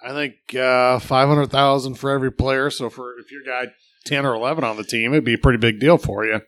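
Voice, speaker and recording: A man's voice: medium pitch, steady tone, fairly quick, fairly bright tone, no echo. A man co-hosting a casual sports podcast who tells stories and acts out what others said. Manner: storytelling, acts out quotes. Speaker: podcast co-host.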